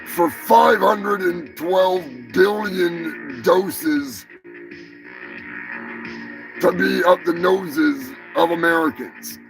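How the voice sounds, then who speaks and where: Male comedy host, gravelly and high, slow sarcastic rant over music. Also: poor audio. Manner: sarcastic, profane, bursts into shouting. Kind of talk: comedic rant on a live show.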